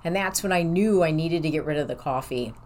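A woman's voice: deep voice, fairly quick, a little mellow. A woman talking casually about her own life, rambling and candid. She acts out what she and others said. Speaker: professional who sees clients in an office. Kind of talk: casual personal storytelling.

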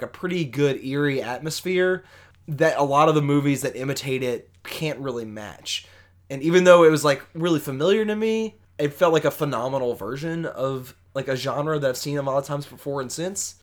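A young man co-hosting a movie podcast, talking in a relaxed, rambling way full of fillers. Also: on the high side, moderate pace. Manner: relaxed, rambling, lots of fillers, easy laughs. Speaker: podcast co-host. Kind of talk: casual movie podcast chat.

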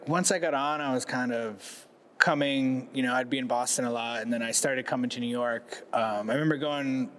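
A man's voice: medium pitch, normal speed, fairly bright tone, slight background noise. A man in his forties from Massachusetts, a guest telling stories in casual chat, rambling with lots of filler and swearing. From Massachusetts, USA. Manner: rambling, laid-back, heavy use of "like" and swearing. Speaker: guest, pro skateboarder. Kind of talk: casual podcast storytelling.

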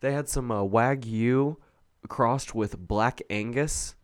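A man's voice: medium pitch, takes it slowly. A man co-hosts a podcast in loose, joking banter, cursing freely. His voice sits in a middle range. He keeps the talk rolling like a laid-back hangout with a friend. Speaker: podcast co-host. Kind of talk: casual podcast chat.

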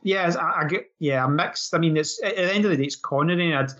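Hesitant husky man. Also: fairly high pitch, fast talker, fairly bright tone. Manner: hesitant, restarts, weighs things up. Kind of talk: casual chat. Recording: dull lo-fi sound.

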